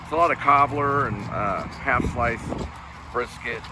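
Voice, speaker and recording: A man's voice: mid-range voice, a little slow. A man, vlogging casually while driving, talking in a rambling, folksy, self-deprecating way. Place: in a car on city streets. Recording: road and traffic noise.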